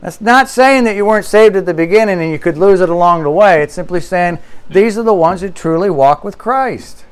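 High-voiced man preaching a sermon. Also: smooth. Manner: earnest preaching, rises and drops his voice for emphasis, reads quotes slowly. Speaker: pastor.

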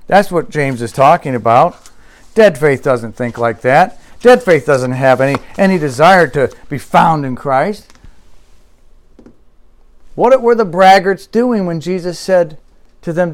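A man preaching a sermon in an earnest style, lifting and dropping his voice for emphasis and reading quotes slowly. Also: sits high, lively intonation. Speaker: pastor.

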